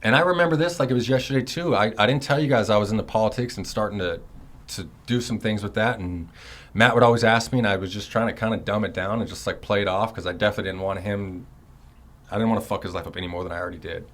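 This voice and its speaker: Rapid, deep-voiced man storytelling. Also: a bit bright. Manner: rambling, profane, fillers like "you know". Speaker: son recounting his prison years. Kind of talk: casual storytelling.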